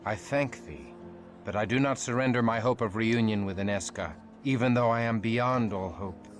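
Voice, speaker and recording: A man's voice: lowish voice, moderate pace, soft background music, natural voice. A man voicing a grieving vampire knight. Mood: solemn grief. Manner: formal archaic speech, solemn. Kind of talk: game dialogue.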